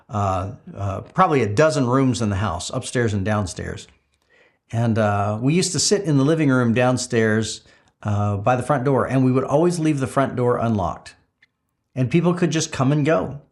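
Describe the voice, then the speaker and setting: A man's voice: medium pitch, moderate pace. Middle-aged male pastor preaching. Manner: storytelling, with frequent filler "uh"s and restarts. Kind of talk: sermon.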